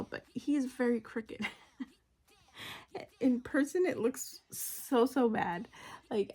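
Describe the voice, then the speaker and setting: Fairly high-pitched, husky and a little mellow, with vocal fry, this crochet vlogger talks casually from home. Suffering a migraine, she rambles and frequently lowers her voice to a whisper.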